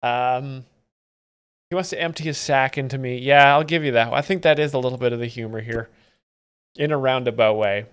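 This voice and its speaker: A man with a smooth, clean voice talks over comedy clips on a live stream. He explains the jokes with mock-pedantic seriousness and a dry, deadpan delivery. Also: medium pitch, a little fast. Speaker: comedy commentator host.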